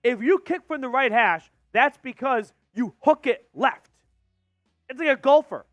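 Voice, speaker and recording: A man hosting a live stream and calling a football game as a fan, getting excited and shouting on big plays. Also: very high-pitched, a little slow, no room sound, soft background music. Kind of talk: fan play-by-play commentary.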